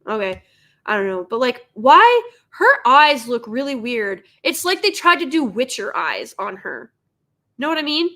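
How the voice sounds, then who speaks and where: Bright-voiced sarcastic woman streamer. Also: on the high side, very animated, moderate pace. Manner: sarcastic, exasperated critique. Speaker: live reaction streamer. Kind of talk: live reaction commentary.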